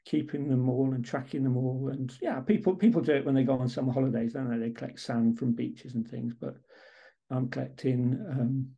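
A man talks casually as a podcast guest, with a mellow, darkish tone. His voice is husky with a gravelly edge. He speaks haltingly, restarting and repeating words as he goes. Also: medium pitch, steady tone, muffled recording. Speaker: interview guest, baseball photographer. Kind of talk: casual podcast interview chat.

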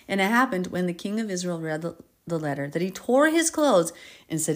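A woman hosting a Bible podcast, reading scripture aloud and breaking off into expressive, giggly commentary. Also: fairly low pitch, brisk. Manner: expressive, giggly, acts out characters in paraphrase.

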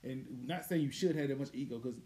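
A man in casual podcast chat, ranting in a fast, profane, exasperated way. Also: medium pitch, dark tone.

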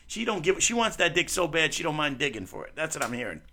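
Brash gravelly man hosting a chat show. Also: a little high, very animated, fast talker, noisy background. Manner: brash, joking, interrupts often. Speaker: show host. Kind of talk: crude comedic chat show banter.

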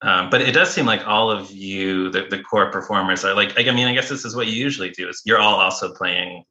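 A man's voice: on the low side, a little fast, pushed and bright, lo-fi sound. A man co-hosting an interview, asking long, rambling questions in a casual tone. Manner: eager, asks rambling questions. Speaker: podcast co-host.

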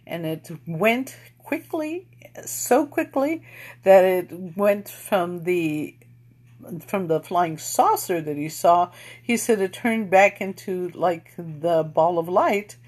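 A middle-aged woman telling a personal story in a casual, unhurried, reflective way, with many pauses and fillers. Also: lowish voice, darkish tone. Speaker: storyteller recounting UFO experiences.

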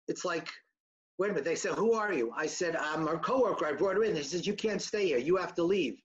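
A man's voice: a little high, animated, fairly quick, breathy edge, muffled recording. A man telling a personal story to an audience, acting out the dialogue of the people in it. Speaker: speaker giving a testimony talk.

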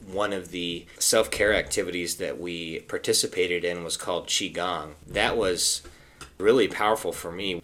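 A man co-hosting a podcast speaks calmly and earnestly in a very deep, low voice. His measured delivery suits a physician sharing a personal reflection. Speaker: osteopathic physician and podcast co-host. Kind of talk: casual conversational talk.

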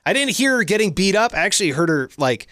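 A young American man telling a story in casual chat, acting out quoted shouts with a lot of energy. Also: high voice, fast, no room sound, clean studio sound. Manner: animated, shouts out quoted lines in a loud put-on voice.

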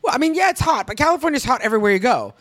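Woman co-host, lively swooping delivery, casual swearing, dry close sound. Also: sits high, racing, no room sound. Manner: animated, laughs often, swears casually. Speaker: podcast co-host. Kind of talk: casual chat. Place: California home.

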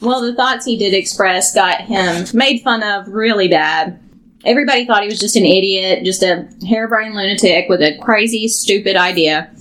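A woman's voice: medium pitch, moderate pace, fairly bright tone, low-quality recording. A woman co-hosting a history podcast, speaking casually with dry, teasing humor. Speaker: podcast co-host.

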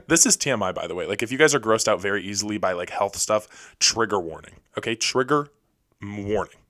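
Young male podcast host, lowish voice, rapid rambling solo chat, dry booth sound. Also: animated, fairly bright tone, dry recording. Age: young adult. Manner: rapid, rambling, self-deprecating. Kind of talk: casual solo storytelling. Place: recording alone.

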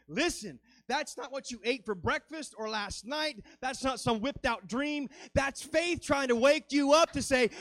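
A man's voice: very high voice, expressive, moderate pace, fairly bright tone, no room sound. A man preaching a sermon as a guest speaker, fervent and dramatic, rising and falling as he acts out quoted lines.

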